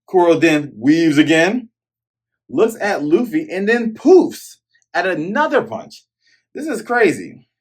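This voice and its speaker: A man recaps a comic chapter in a loose, chatty way. His pitch swings high and low as he acts out the fights with plenty of energy. He sounds like a host talking straight to his regular viewers. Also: takes it slowly, husky. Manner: animated, excitable retelling that acts out scenes. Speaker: manga review host.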